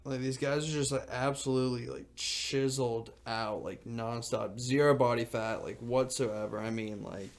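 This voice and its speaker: A young man in his twenties with a gravelly, creaky voice at an ordinary pitch co-hosts a casual podcast. He rambles in loose, excitable bursts and fills his talk with "like.". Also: moderate pace, few pauses. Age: 20s. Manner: rambling, full of "like" fillers, excitable. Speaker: podcast co-host. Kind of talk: casual chat.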